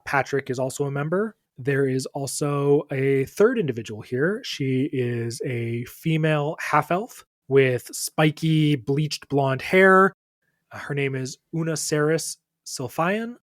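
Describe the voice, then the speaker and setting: A man narrating as dungeon master in a relaxed, conversational way. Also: on the high side, slow, no echo, studio quality. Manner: relaxed, conversational, filler-heavy. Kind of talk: narrating a tabletop game.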